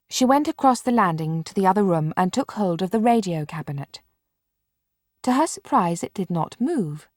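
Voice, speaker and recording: A woman's voice: medium pitch, lively intonation, normal speed, darkish tone, no echo. Woman reading an audiobook, dry sound. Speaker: audiobook narrator. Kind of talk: scripted narration.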